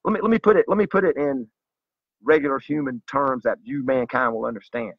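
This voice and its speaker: A vlogger with a mid-range voice and a fairly quick pace speaks straight to camera. His monologue is earnest, zealous, and preachy, and the lo-fi recording sounds slightly dull.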